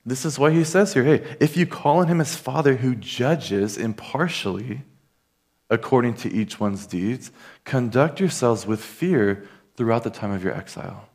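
A man's voice: medium pitch, normal speed, a little mellow. Guy giving a sermon, earnest and chatty, talks right to the crowd. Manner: earnest, conversational, addresses listeners directly. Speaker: preacher.

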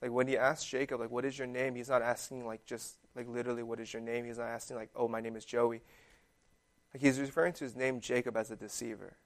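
A man's voice: medium pitch, level tone, quick pace. A young man giving a casual, conversational sermon that is full of fillers. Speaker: preacher.

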